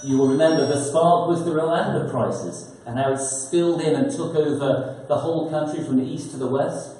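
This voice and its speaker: Author, mellow voice, thoughtful talk with rhetorical questions, echoey conference hall. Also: male voice, fairly high pitch, moderate pace, soft background music. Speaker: author and speaker at a press conference. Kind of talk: prepared talk to an audience.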